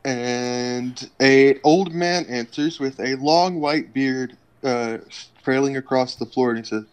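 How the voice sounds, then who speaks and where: A man's voice: medium pitch, slow, clear, resonant tone. A man running a tabletop game as dungeon master, narrating loosely with fillers like uh and um.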